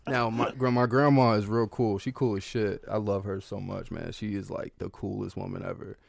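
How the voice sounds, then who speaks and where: Podcast guest, man, low voice, dry close sound, loose profane storyteller. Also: steady tone, moderate pace, vocal fry, darkish tone, dry recording. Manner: loose and profane, with many fillers and laughs. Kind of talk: casual storytelling.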